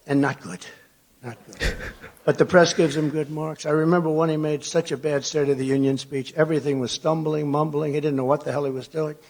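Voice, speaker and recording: An older man gives a rambling rally speech to a big conference crowd. His voice sits high and carries a gravelly edge, and he keeps lurching from loud declarations to low mocking mutters. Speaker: political speaker at a conference. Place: large conference hall before an audience.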